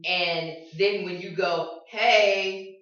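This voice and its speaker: A woman's voice: fairly low pitch, normal speed, a bit bright. A woman on a talk show, thinking aloud about relationships in a reflective, casual way with many "you know"s. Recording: echoey room, far from the mic, dull sound.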